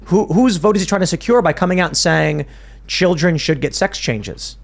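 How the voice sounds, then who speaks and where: A man hosting a casual political talk show, with a fairly high voice. He rambles with restarts and slips into mimicry now and then. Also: normal speed, vocal fry. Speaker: podcast host.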